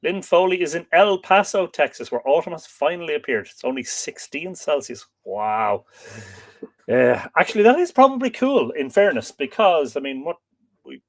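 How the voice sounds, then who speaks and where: An Irish man hosting a live stream, reading out viewer comments and chatting in a relaxed, rambling way with lots of fillers. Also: a little high, normal speed. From Ireland. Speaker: host.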